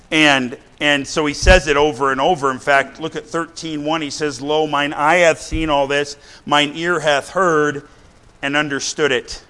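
Male preacher, church sermon, bright tense voice, blunt, talks straight to the congregation. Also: on the high side. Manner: blunt conversational preaching, keeps asking "right?".

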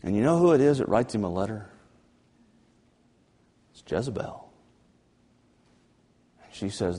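A man preaching a fervent sermon as pastor, swinging between loud emphasis and low, drawn-out passages. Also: sing-song, slightly rough. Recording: long church reverb.

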